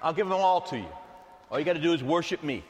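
A man voicing a smooth, scheming male devil who coaxes with offers, heard with long church reverb. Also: fairly high pitch, animated, quick pace, natural voice. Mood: coaxing. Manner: coaxing, persuasive.

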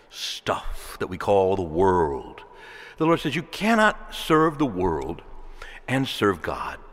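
A man preaching a sermon in a conversational, animated way, posing rhetorical questions to his listeners. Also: mid-range voice, big-room sound.

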